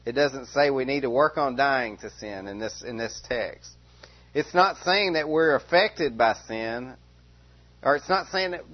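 Man, preacher, expository sermon, emphatic repetition, medium pitch, dull lo-fi sound. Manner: emphatic repetition, slow stressed phrases.

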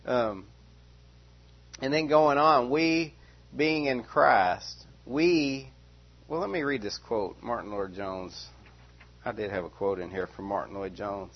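A man preaching a verse-by-verse sermon, repeating key phrases slowly and with emphasis. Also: mid-range voice, muffled recording. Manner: emphatic repetition, slow stressed phrases. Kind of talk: expository sermon.

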